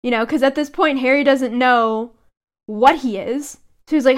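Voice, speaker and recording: A woman co-hosting a fan podcast in a casual, giggly tone. Her voice sits high. She moves easily between chatting and reading passages aloud. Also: moderate pace. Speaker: podcast co-host. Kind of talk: casual chat and book read-aloud.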